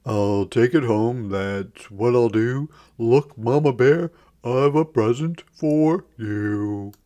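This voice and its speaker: A man's voice: medium pitch, slow, mellow, close to an everyday voice. A man voicing a drowsy, cheerful father bear in a storybook read-aloud.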